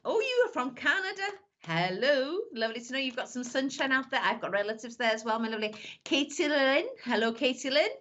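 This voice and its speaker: A woman with a slightly high voice, chatting warmly with viewers as a psychic medium, calling each one "my lovely". Her live stream sound is dull and lo-fi, and her talk is loose and chatty. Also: animated, brisk. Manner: chatty, calls everyone "my lovely". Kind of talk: live-stream greetings and reading.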